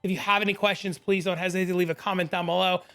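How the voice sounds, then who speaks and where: A hoarse man hosting a gaming channel, talking excitedly and rambling step by step through a screen-recorded game tutorial into a desk microphone. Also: high voice, very fast, soft background music. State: hoarse, losing his voice.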